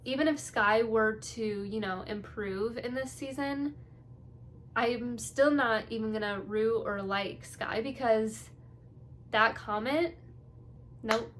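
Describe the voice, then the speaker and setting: Young female vlogger, fairly high voice, bubbly and gushing, casual chat, faint hiss behind. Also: takes it slowly, fairly bright tone. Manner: gushing, bubbly, full of "like" and "you guys". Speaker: TV reaction vlogger.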